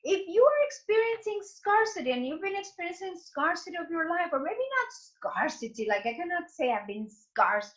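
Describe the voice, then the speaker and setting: A woman's voice: extremely high pitch, sing-song, moderate pace, few pauses, dull audio. A woman giving a fervent, chatty motivational Bible talk, speaking straight to her listeners. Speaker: inspirational faith speaker.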